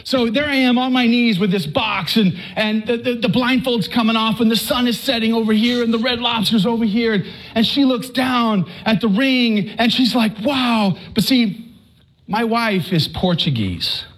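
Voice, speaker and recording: A man's voice: very high-pitched, normal speed, fairly bright tone. A middle-aged man from Texas giving a faith testimony to an audience, telling his story with acted-out quotes and stammers.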